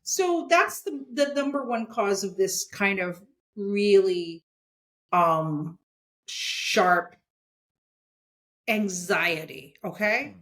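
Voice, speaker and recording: A woman in her sixties, a guest in an interview, talking in an animated, emphatic way and checking her points with "okay?". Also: mid-range voice, drawn-out words, long pauses. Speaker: guest, comics editor. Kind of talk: casual interview chat.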